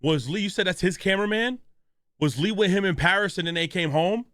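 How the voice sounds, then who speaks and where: A man's voice: sits high, a little fast, fairly bright tone, no echo. Male streamer, casual reaction chat, dry close sound, keeps quizzing viewers. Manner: asks questions, reads chat names aloud.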